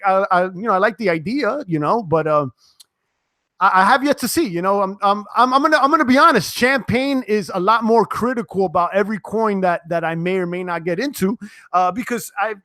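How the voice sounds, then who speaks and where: Young male streamer, high voice, dry close sound, loose chatty delivery full of fillers. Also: a bit bright, no room sound. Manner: casual, many fillers and restarts. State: sweating, tiring. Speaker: crypto live-stream host. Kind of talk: live-stream chat reading viewer comments.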